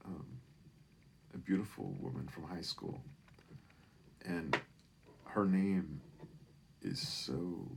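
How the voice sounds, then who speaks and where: A man's voice: sits low, vocal fry, slight background noise. A man in his fifties from Northern California, telling a personal story in a rambling, profane way and often tagging lines with "right?". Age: 50s. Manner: animated, profane, keeps asking "right?".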